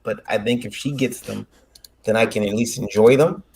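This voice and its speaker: A man's voice: on the low side, fairly even intonation, moderate pace, creaky, a little mellow, breathy edge. A man co-hosting a casual livestream, rambling with many fillers while showing off toys. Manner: rambling, lots of fillers, shows off toys on camera. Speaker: co-host of a crowdfunding livestream.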